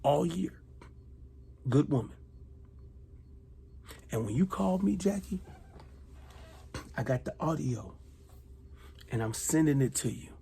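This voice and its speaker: A middle-aged man, a retired soldier, delivering a heated, accusatory monologue aimed at one person, repeating himself and swinging between loud outbursts and hushed asides. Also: fairly high pitch, expressive, takes it slowly, vocal fry, pauses often, slight background noise.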